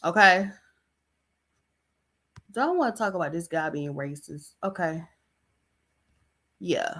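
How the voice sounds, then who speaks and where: A woman's voice: fairly low pitch, lively intonation, takes it slowly, a bit bright. A woman hosting a podcast, giving casual commentary in a blunt, exasperated, chatty way. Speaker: podcast host.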